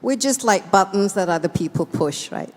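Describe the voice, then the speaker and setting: A woman moderating a panel, speaking slowly and prompting the guests with questions. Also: mid-range voice, expressive, a little mellow. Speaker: talk show moderator. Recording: long reverb of a large event hall.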